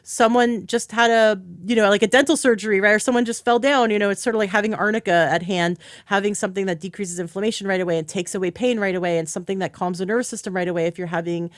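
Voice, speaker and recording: A woman's voice: mid-range voice, steady tone, fast, hardly any pauses, no room sound, clean studio sound. A woman hosting a podcast as a health coach, talking in an enthusiastic, chatty way. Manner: enthusiastic, chatty, acts out quoted speech. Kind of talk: casual interview chat.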